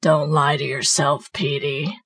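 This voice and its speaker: A woman voicing a demon that possesses a young woman, speaking in a hideous guttural voice, slow and taunting. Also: low-pitched, level tone, fairly bright tone, dry recording, full character voice. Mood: menacing.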